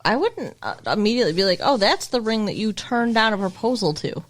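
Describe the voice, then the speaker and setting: A woman's voice: mid-range voice, animated, a little fast. A woman co-hosting a podcast, recapping a TV episode in casual chat, chatty and giggly, saying "like" a lot. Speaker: podcast co-host.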